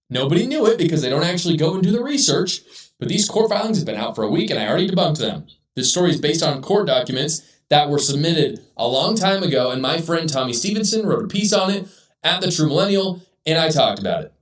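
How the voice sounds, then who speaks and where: A man hosts a heated commentary show, ranting with indignation at what he reads. His pitch swings widely. He sounds a little distant from the mic in an echoey room. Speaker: political commentary host.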